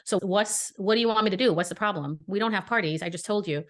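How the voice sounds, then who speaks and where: A woman co-hosts a podcast, telling a story in a casual, animated way. She acts out each side of the dialogue and gets indignant, her voice sitting at an ordinary middle pitch. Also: quick pace. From Brooklyn. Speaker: podcast co-host.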